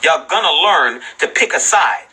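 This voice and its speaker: A man's voice: on the high side, animated, moderate pace, pushed and bright, slightly rough, rough recording. A man ranting on a livestream, confrontational and profane, firing off rhetorical questions. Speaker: livestream host.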